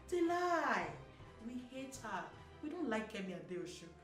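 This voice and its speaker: A Nigerian woman giving sassy, animated opinion commentary as a vlogger, slipping into Pidgin. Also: a little high, moderate pace. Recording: roomy echo, mic at a distance, soft music.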